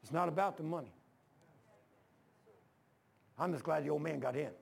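A male preacher delivers a sermon in a church, in a high, gravelly voice. He tells folksy stories and acts out the dialogue as he goes. His delivery is colloquial and conversational. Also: normal speed. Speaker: pastor.

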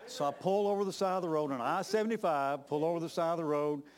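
A man's voice: fairly high pitch, quick pace, some chatter behind. A middle-aged man, preaching a sermon in a folksy storytelling way and peppering his talk with "amen.".

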